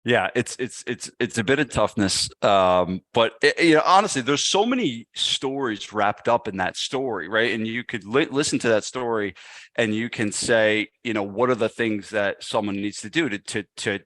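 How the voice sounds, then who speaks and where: A man's voice: fairly low pitch, normal speed, no echo. A man, a gym owner and podcast guest, telling a story casually and acting out what people said. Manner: animated, acts out quotes.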